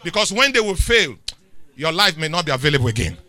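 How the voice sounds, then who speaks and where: A middle-aged Nigerian man preaching a sermon, swinging between loud declarations and quiet asides. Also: fairly high pitch, big pitch swings, fast talker.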